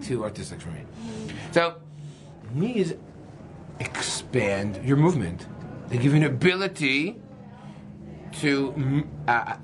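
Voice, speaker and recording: Rabbi, male, upbeat classroom teacher, bright forward tone, slightly high, light room hiss. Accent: Canadian. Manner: lively, acts out voices, asks the class questions. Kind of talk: informal Torah class.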